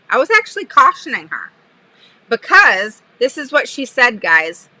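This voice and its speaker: A woman special education advocate chatting on a live stream, telling an animated, sarcastic story with frequent laughter. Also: on the high side, a little slow, dry recording, low-quality recording. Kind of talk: casual live-stream chat.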